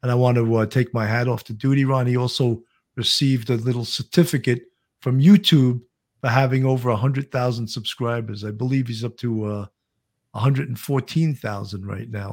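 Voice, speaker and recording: A man's voice: mid-range voice, fairly even intonation, normal speed. A man, co-hosting a casual live-stream chat and reading out viewer comments. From Brooklyn, New York. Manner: chatty, reads viewer comments aloud. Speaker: co-host.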